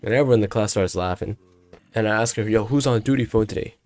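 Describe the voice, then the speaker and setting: A young man with a fairly low voice tells a school story in a loose, rambling monologue. He talks slangy and swears freely, restarting his sentences as he goes. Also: quick pace, darkish tone. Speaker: student storyteller.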